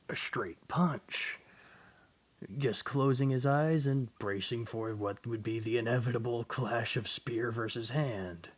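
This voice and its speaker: A young man casually retelling a fan story, rambling, correcting himself and swearing as he goes. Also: medium pitch. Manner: rambling, profane, self-correcting.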